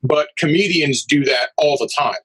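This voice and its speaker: A man chatting casually on a podcast, animated and profane, joking between earnest thanks. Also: a little high, normal speed, breathy edge, rough recording. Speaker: motovlogger.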